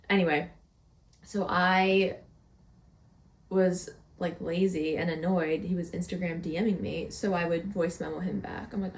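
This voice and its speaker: A young woman hosting a podcast, telling a story in a playful, casual way and stretching her words out slowly for effect. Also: lowish voice, steady tone, a little mellow, reverberant. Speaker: podcast host.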